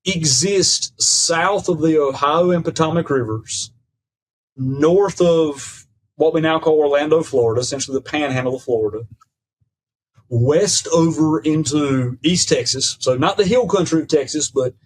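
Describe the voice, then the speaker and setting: A man with a fairly high voice talks in a measured, professorial way, drifting between academic terms and folksy "ain't". He keeps checking in with "right?" as he builds his case. A faint rumble sits under the recording. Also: low-quality recording. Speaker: podcast guest, professor of Southern studies. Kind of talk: conversational lecture.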